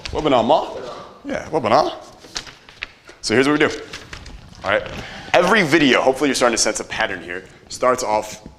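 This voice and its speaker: A man's voice: medium pitch, expressive, fast, a bit bright, slight background noise. A man teaching a live seminar audience, casual and profane, quizzing the crowd and having them repeat after him. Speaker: marketing seminar presenter.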